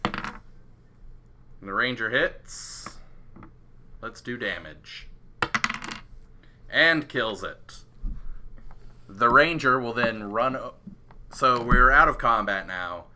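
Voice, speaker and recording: A man's voice: mid-range voice, animated, extremely slow, long pauses, sharp tone, a little hiss or hum. A man acting as game master in a casual tabletop game, narrating rolls with easy chuckles.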